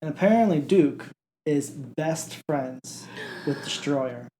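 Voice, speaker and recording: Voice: mid-range voice, animated, takes it slowly, very noisy. A podcast co-host recapping a bad movie in casual chat, joking and acting out the characters.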